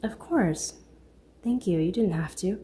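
A woman reading an audiobook, voicing a soft-spoken young wife with a gentle, uneasy manner. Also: medium pitch, lively intonation, measured pace, natural voice. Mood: touched. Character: anxious, guilt-ridden young wife. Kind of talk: audiobook character voice.

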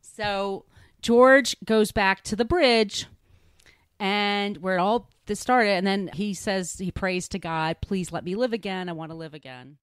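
A woman's voice: mid-range voice, unhurried, smooth, dry recording. A woman co-hosts a podcast, chatting casually and rambling a little as she retells a film plot. Her voice sits in the middle range and is recorded close and dry, with no room sound. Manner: chatty, rambling, with laughs and restarts. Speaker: podcast co-host.

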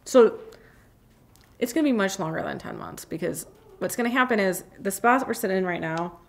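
A chatty woman co-hosting a relaxed stream, reading viewer questions aloud. Her voice moves up and down in a lively way while sitting at a middle pitch. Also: moderate pace, gravelly. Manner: chatty, laughs often, reads viewer questions. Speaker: co-host, lawyer. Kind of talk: casual chat.

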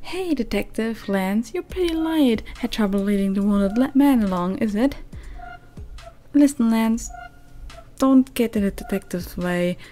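A woman voicing a taunting male villain who stalks a detective, speaking in a slow, mocking, breathy whisper while reading game dialogue aloud. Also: a little high, lively intonation, mellow, soft background music. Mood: menacing whisper.

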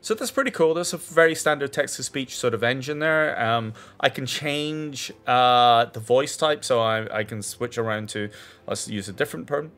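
A man presenting a screen-share technology demo, explaining in a halting way that restarts and repeats words. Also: medium pitch, fairly bright tone, soft background music. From Scotland.

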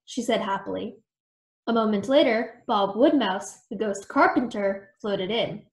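A woman reading a children's storybook aloud in an expressive storytelling manner. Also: mid-range voice, measured pace. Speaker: storytime reader. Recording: echoey room.

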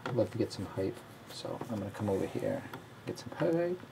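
A man's voice: lowish voice, huge pitch swings, a little fast, creaky, background noise. A man thinking aloud over his moves and chuckling in a casual live-streamed board game chat. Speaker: board game show regular.

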